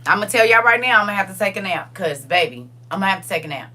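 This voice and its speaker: A woman's voice: medium pitch, animated, quick pace, pushed and bright. An older woman hosting a casual livestream. She chats with her viewers, reads their comments aloud, and repeats phrases for emphasis. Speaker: livestream host.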